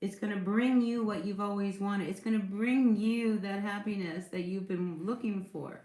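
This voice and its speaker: A woman chats through a tarot reading at a middle pitch, her voice bouncing around an echoey room. She talks loosely and reassuringly, with plenty of fillers and frequent "all right?" check-ins. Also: normal speed, warm tone. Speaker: tarot reader. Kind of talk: casual tarot reading for viewers.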